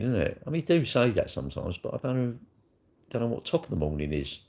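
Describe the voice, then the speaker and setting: A man's voice: mid-range voice, big pitch swings, fast, a little mellow. A middle-aged man, rambling bluntly and crudely in a casual livestream chat, tossing in tag questions as he answers comments. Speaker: livestream host.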